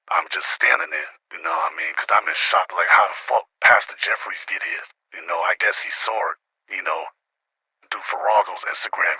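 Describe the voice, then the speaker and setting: Male storyteller on a lo-fi phone line, deep and forceful, raspy, rambling delivery. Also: no room sound. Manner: rambling, repeats "you know what I mean". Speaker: storyteller calling in. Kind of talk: casual spoken storytelling. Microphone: phone call.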